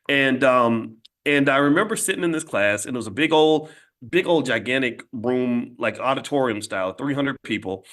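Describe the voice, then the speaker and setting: A man's voice: medium pitch, normal speed, a bit bright. A man hosting his own channel, telling stories in a blunt, emphatic, conversational way and often restarting his sentences. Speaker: host. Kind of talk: casual monologue storytelling.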